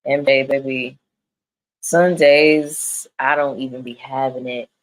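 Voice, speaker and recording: With an extremely low pitch, a slow pace and fairly even intonation, she reviews reality TV in casual live-stream chat, talking straight to viewers in a candid, slangy, profane manner. The recording quality is low.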